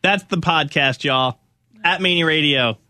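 Male radio host, chatty banter, bright forceful tone, dry close sound. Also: a little high, a little slow, no echo. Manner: laughing, chatty, reads listener texts aloud. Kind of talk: casual radio podcast banter.

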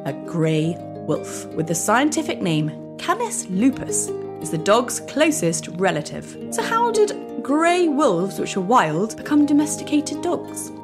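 Lively woman hosting a children's podcast. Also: fairly high pitch, a little slow, music in the background. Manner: animated, asks listeners questions. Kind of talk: scripted narration for children.

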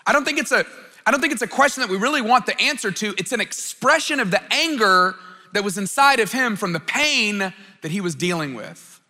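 Man, pastor preaching, high voice, bright and forceful tone, earnest, stammering restarts, long hall reverb. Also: lively intonation, brisk. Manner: earnest, repeats words and stammers on restarts, acts out quotes. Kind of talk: sermon.

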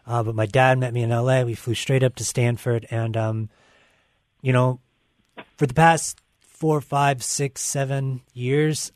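A man's voice: medium pitch, fairly even intonation, measured pace, dry recording. Candid man with dry sound. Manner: candid, rambling with many fillers. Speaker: guest musician. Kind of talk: casual radio interview.

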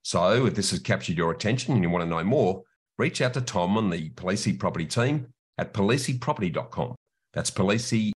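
A man's voice: low voice, animated, brisk, husky. Matey Australian male podcast host. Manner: friendly, matey, laughs easily. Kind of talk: casual chat.

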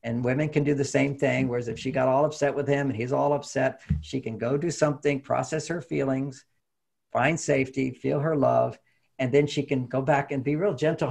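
An older man talking about relationships as an interview guest, animated and acting out little quoted conversations. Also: mid-range voice, moderate pace, creaky, breathy edge. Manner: animated, acts out quoted dialogue. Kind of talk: casual interview talk.

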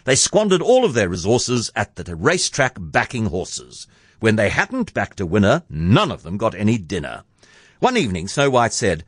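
A man's voice: on the low side, huge pitch swings, normal speed, a bit bright, breathy edge, dry recording, clean studio sound. A man reading a comic storybook poem aloud, playful and sardonic. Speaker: narrator.

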